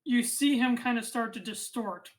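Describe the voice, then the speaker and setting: A man's voice: very high voice, moderate pace, a crowd in the background, low-quality recording. Man narrating as game master. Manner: relaxed descriptive narration with laughs.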